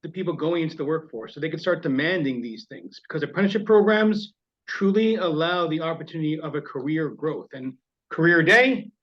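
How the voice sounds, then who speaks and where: A man, talking passionately and quickly as an interview guest. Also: on the high side, expressive. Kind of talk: interview chat. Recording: slightly dull lo-fi sound.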